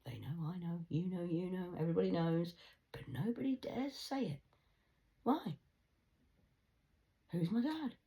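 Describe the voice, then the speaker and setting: A woman with a low voice talks straight to her viewers in a rambling vlog. She swears freely and keeps throwing out rhetorical questions. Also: lively intonation, unhurried, long pauses, warm tone. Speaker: vlogger.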